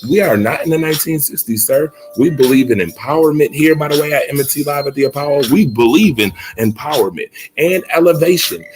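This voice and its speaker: A man co-hosting a casual sports talk radio show. He talks loosely to listeners and his on-air partner. His delivery is animated, and he keeps jumping into high, excited exclamations. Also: fairly quick, few pauses, over music.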